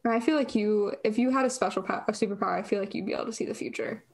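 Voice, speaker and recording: A young woman co-hosts a podcast, chatting casually and rambling with lots of fillers and restarts. Her husky, mid-range voice has a darkish tone, and she talks very fast.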